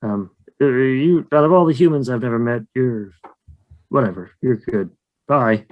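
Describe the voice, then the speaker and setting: A man's voice: medium pitch, normal speed, narrow, tinny audio, close to an everyday voice. A man voicing a shy, huge, hairy male skunk ape who lives in a swamp cave, talking in a flustered, rambling, hesitant way. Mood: bashful.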